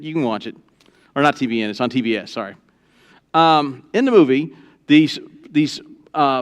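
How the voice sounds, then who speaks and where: A pastor preaching a sermon, joking with the congregation and swinging from low asides to loud, emphatic peaks. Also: male voice, smooth. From Texas. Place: church sanctuary.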